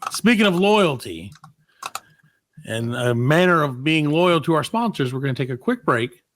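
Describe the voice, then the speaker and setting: Lively, bright-voiced male podcast host. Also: on the high side, normal speed. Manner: joking, loose, reads news bits aloud. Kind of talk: casual comedy podcast chat.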